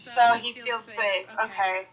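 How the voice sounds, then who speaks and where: A woman's voice: fairly high pitch, steady tone, slow pace, crowd noise. A woman talking as a player in a tabletop game, chiming in with short reactive remarks. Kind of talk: casual tabletop game chat.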